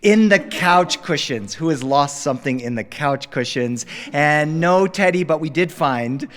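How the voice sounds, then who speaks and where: Male storyteller, live stage, animated and rhythmic, slightly high voice, long hall reverb. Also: unhurried. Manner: animated, rhythmic delivery with repetition. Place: stage before a live audience.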